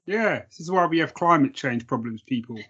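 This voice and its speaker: A man's voice: a little high, animated, a little fast, fairly bright tone, breathy edge, highs cut off. A man hosting a morning podcast, bantering in a dry, joking way. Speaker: podcast host. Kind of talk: casual chat.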